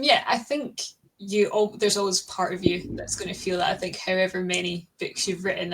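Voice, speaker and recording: A woman author appearing as a podcast guest, warm, enthusiastic and reassuring in casual chat. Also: fairly low pitch, vocal fry, a little hiss or hum, low-quality recording.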